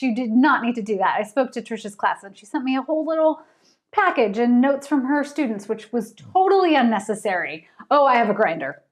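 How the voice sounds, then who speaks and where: A woman author hosting a casual livestream, chatting with viewers and laughing often. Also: on the high side.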